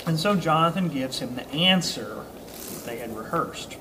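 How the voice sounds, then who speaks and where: A man leads an informal Bible study, reading scripture aloud and then unpacking it in a relaxed, chuckling way. His voice sits a bit high for a man and is full of ums and uhs, with a faint hiss under it. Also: moderate pace. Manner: reads a passage, then explains it conversationally with chuckles; casual, with frequent ums and uhs. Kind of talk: informal scripture teaching to a small group.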